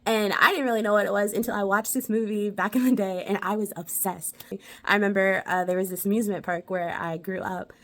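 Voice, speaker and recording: A cheerful young woman talks straight to camera about a favorite film from her childhood. She is bubbly and enthusiastic and laughs easily. Her voice sits at a middling pitch. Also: steady tone, fairly quick. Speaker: movie review host. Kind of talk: casual movie review vlog.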